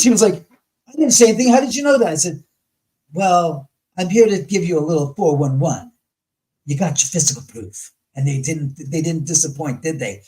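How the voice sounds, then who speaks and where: A man with a somewhat high voice, talking as a guest in a casual, blunt and profane way. He slips into the voices of the people in his stories as he tells them, and the delivery keeps jumping around. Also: dark tone, rough recording. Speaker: guest on a paranormal talk show. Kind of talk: casual storytelling in conversation.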